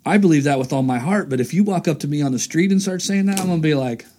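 A man's voice: fairly high pitch, fast talker, warm tone. A man hosting a casual faith talk, earnest and rambling, restarting his sentences often. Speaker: host.

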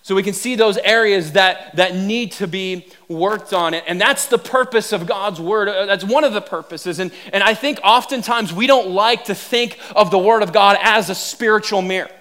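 A pastor with a higher-than-usual voice preaches to his congregation at normal speed, with hardly any pauses. He tells comic, self-deprecating stories with animated energy before turning to a serious point.

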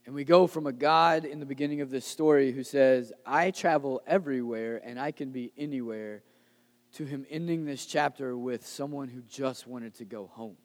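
A pastor preaching a sermon in a casual, conversational way, rising to loud emphasis and dropping to soft, hushed lines. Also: male voice, mid-range voice, moderate pace, big-room sound.

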